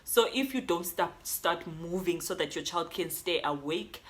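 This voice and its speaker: A man's voice: a little high, measured pace, fairly bright tone, a little hiss or hum. A woman voicing a grave male doctor. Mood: serious. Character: calm male hospital doctor giving warnings.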